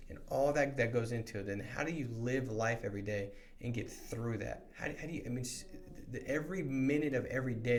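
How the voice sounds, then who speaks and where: A man giving a motivational sales training talk to new insurance agents, energetic and conversational, often restarting his sentences. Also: medium pitch.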